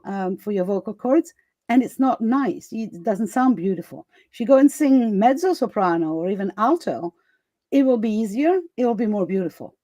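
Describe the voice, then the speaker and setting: She's the host of a live summit chat on a video call, casual and giggly with many fillers and restarts. Her medium-pitched, mellow voice has lively intonation at a normal pace, recorded with no room sound.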